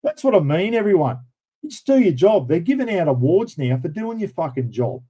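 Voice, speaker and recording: A man's voice: high-pitched, big pitch swings, a little fast, mellow, husky, low-quality recording. A middle-aged Australian man hosting a casual livestream chat, blunt and swearing freely, calling viewers mate. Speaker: livestream host. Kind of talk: casual live-stream chat.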